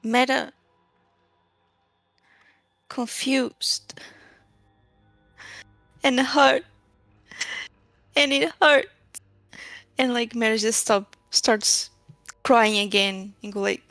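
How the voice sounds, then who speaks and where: A woman's voice: a little high, little pitch movement, drawn-out words, long pauses, fairly bright tone, no room sound, faint music behind. A woman playing a tabletop game and describing her character's actions in chatty speech full of fillers. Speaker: player. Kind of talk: casual tabletop role-play.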